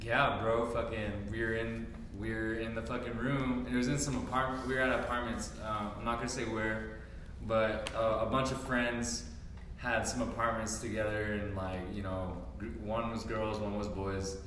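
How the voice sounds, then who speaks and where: A young man tells a story to his friends on a podcast, swearing freely and laughing along. His voice sits at an average pitch. The room is very echoey and the background noise is easy to hear. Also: normal speed. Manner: animated storyteller, swears a lot, laughs often. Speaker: podcast co-host. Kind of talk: casual chat.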